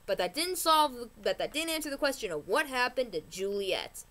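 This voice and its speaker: A woman vlogger giving a casual, animated recap rant, chatty and often restarting her sentences. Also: on the high side, a little fast, few pauses, very noisy.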